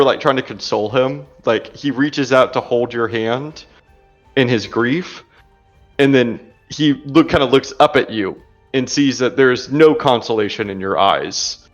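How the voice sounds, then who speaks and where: A man running a tabletop game as game master, narrating scenes casually with quick descriptions and fillers. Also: medium pitch, soft background music.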